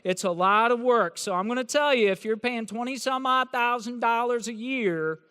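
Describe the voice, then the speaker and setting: A man with a fairly high, resonant voice gives a joking talk to a room of new students. He teases them in a sarcastic way, and his words ring out with the long reverb of a big hall. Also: moderate pace, bright, forceful tone, smooth. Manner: sarcastic, teasing, joking delivery. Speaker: university professor. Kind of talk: humorous address to new students. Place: large hall with an audience.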